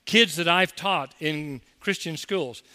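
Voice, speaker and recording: A man's voice: a little high, takes it slowly, pushed and bright, big-room sound. A man preaching a sermon as pastor, talking conversationally and mocking the people he quotes.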